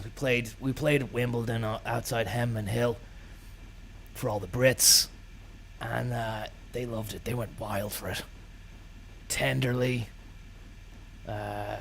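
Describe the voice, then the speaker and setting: A man, telling rambling deadpan comic stories full of swearing and trailing mumbles. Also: medium pitch, vocal fry, slight background noise. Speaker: comedian.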